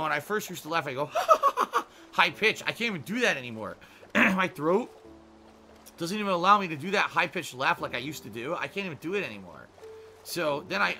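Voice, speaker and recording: Animated male streamer, bright voice. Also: a little hiss or hum. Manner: animated, swings from loud outbursts to low grumbling. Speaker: livestream host. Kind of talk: casual livestream chat.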